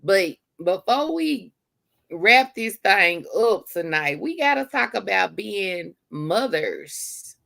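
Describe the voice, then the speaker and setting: Slow, gravelly-voiced woman host. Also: mid-range voice, very animated, fairly bright tone. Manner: earnest, encouraging, with conversational fillers. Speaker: podcast host. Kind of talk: heartfelt casual chat.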